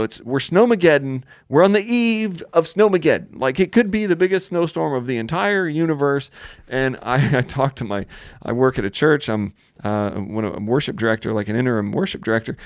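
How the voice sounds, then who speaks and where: A man's voice: on the high side, no room sound, clean studio sound. A man, a piano tuner, hosting a casual webinar to sell his course, rambling along with lots of fillers and restarts. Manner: rambling, filler-heavy, with many restarts and "you know, like".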